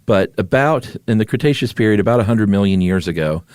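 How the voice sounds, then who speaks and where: A man's voice: on the low side, animated, brisk, darkish tone, clean tone, dry recording, studio quality. A man co-hosting a podcast, explaining things in an easygoing way and laughing often. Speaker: podcast co-host. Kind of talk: casual chat.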